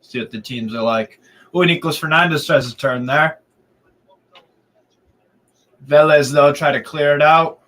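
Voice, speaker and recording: Man, live match watch-along, excitable play-by-play, bright tense voice. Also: on the high side, measured pace, pauses often, rough recording. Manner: excitable, chatty play-by-play mixed with banter. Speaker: streamer giving live match commentary.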